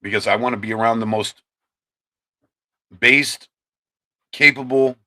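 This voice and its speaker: A man's voice: medium pitch, measured pace, sharp tone. A man in his fifties, from Ohio, ranting on a livestream and answering his chat, often repeating and restarting words. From Ohio, USA. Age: 50s. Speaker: livestream host.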